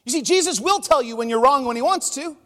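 A pastor preaching a conversational sermon, telling stories with emotion. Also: male voice, very high voice, animated, quick pace, fairly bright tone. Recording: long reverb of a large hall.

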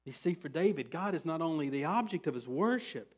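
A man preaching a sermon as pastor, building to emphatic, forceful bursts. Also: on the high side, expressive, fairly quick, slightly rough, muffled recording.

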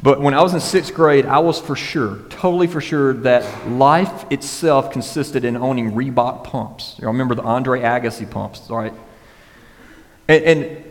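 A man's voice: a little high, normal speed, big-room sound. A man preaching a casual, conversational sermon as pastor, often checking in with the congregation. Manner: casual, conversational preaching with frequent "right?" and "y'all".

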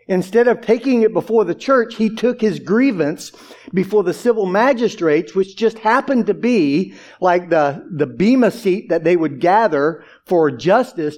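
Man, pastor, high voice, conversational sermon, rhetorical questions. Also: darkish tone. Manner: conversational preaching with frequent "like" asides and rhetorical questions.

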